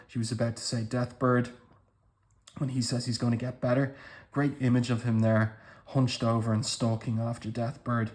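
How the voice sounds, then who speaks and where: A man's voice: mid-range voice, flat delivery, moderate pace, a little mellow. A man giving casual commentary as he walks through comic book pages panel by panel, with appreciative remarks.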